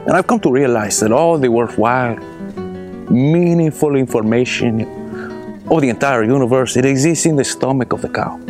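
A man voicing a boastful older rancher uncle, telling his story slowly and grandly. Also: mid-range voice, voice pushed up, lightly acted. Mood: proud. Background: guitar music.

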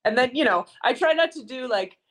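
A woman's voice: high voice, expressive, a little fast, a bit bright. A woman in her thirties, a sports reporter and podcast guest, chatting in a bubbly, self-deprecating way. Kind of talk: casual chat.

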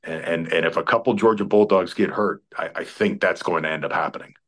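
A man's voice: deep voice, a little fast, a bit bright. A man in his forties, a former college football player, telling rambling, profane stories with frequent restarts in casual sports talk. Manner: rambling storyteller, stumbles and restarts, swears freely.

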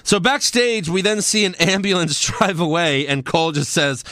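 Podcast co-host, a man with a bright, fairly high voice, dry close mic, sarcastic recap delivery. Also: moderate pace, no echo. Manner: sarcastic, jokey. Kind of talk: casual podcast chat.

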